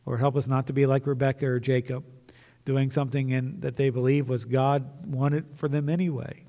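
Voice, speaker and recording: A man's voice: medium pitch, level tone, moderate pace, mellow, long reverb tail. A man preaching earnestly as a pastor, repeating key phrases and restarting mid-sentence. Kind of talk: sermon and closing prayer. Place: church sanctuary.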